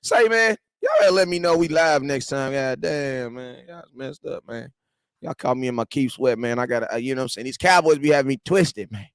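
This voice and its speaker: A man's voice: mid-range voice, fairly quick, clean tone, no room sound. A man in his thirties hosting a casual livestream fan show, joking and bantering with viewers in slangy, repetitive talk.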